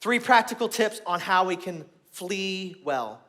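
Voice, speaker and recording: A man preaching a sermon to a room, earnest and repeating his points, growing loud and emphatic at key moments. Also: high voice, expressive, measured pace. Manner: earnest, repeats phrases, restarts words.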